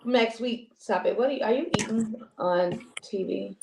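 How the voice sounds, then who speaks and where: A woman's voice: fairly high pitch, moderate pace, creaky, noisy background. A woman co-hosting a casual talk show, rambling and chatty with many restarts. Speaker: co-host. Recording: roomy echo.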